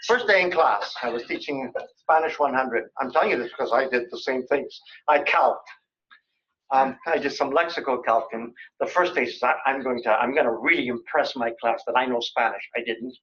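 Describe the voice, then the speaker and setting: A man's voice: medium pitch, normal speed, a bit bright, muffled recording. An older man giving a colloquium lecture in a lecture room, telling joking anecdotes in a chatty way.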